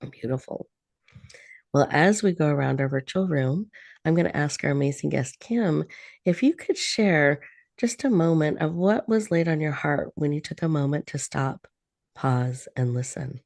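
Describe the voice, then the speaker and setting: A woman host introducing her guest and leading listeners through a slow, soothing breathing meditation. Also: deep voice, creaky, a little mellow, no echo, clean studio sound. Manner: soothing, slow, encouraging guidance. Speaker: radio show host.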